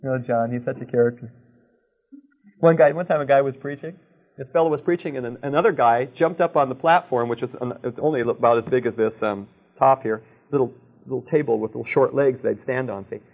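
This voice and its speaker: A man's voice: medium pitch, fairly quick. A male Christian preacher giving a teaching talk, telling anecdotes and checking in with his listeners with "okay?". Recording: narrow, tinny phone-like sound.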